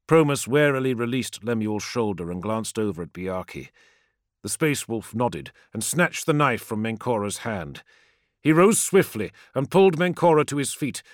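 A man giving dramatic, expressive audiobook narration. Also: lowish voice, no echo, studio quality. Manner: expressive storytelling.

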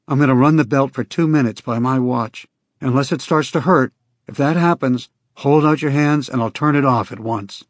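Man doing a calm, stern reverend. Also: medium pitch, no echo, close to an everyday voice. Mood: reassuring. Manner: measured, reassuring instructions. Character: calm, careful male reverend healer, stern.

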